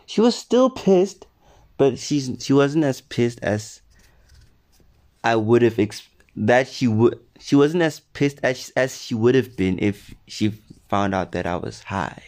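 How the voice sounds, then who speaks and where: It's a young man on his vlog, slow-paced and medium-pitched, casually telling a story about himself. He swears and animatedly imitates what the other people said.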